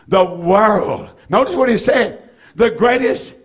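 A man preaching a sermon, with rhythmic repetition, swinging between shouted phrases and hushed ones. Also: extremely high pitch, animated, unhurried.

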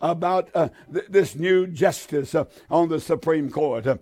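An elderly man in his eighties delivers a fervent, pleading sermon in a fairly high voice, his speech full of "uh" and restarts. He presses hard on his listeners with direct appeals and repeated lines. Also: a little slow, mellow. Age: 80s. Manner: fervent pleading preaching with frequent "uh" fillers. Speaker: preacher. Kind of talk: radio sermon.

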